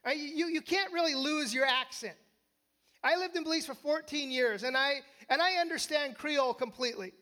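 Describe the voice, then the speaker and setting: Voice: sits high, normal speed, pushed and bright. An American pastor preaching a conversational sermon who often checks in with the listeners and restarts phrases. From United States. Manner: conversational, frequent tag questions and restarts.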